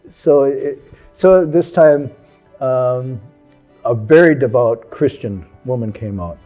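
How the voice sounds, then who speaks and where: A man's voice: mid-range voice, slow, warm tone, faint music behind. A man who is a Buddhist monk, telling a story from his past and acting out the people in it. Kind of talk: storytelling talk.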